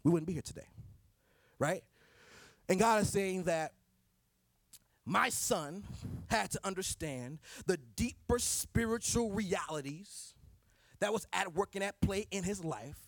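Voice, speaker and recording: Guy preaching, kinda high voice for a man, punchy repeated questions, dry close sound. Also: animated, measured pace, pauses often, dry recording. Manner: emphatic, repeats rhetorical questions. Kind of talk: sermon.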